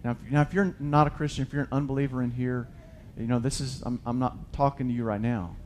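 A man preaching a sermon, reading scripture and paraphrasing it casually, swinging from loud emphatic bursts to hushed asides. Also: medium pitch, steady tone, quick pace, a little hiss or hum.

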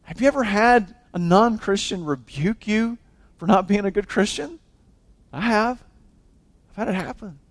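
High-voiced impassioned male preacher. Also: moderate pace. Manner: impassioned, swings between loud exhortation and hushed intensity; frequent restarts and repeated words. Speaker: pastor. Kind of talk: sermon.

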